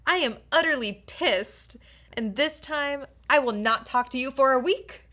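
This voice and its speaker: A woman's voice: high voice, a little slow, pushed and bright, pitched above the performer's own voice. A woman reading the part of an annoyed young woman in a script table read. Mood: indignant.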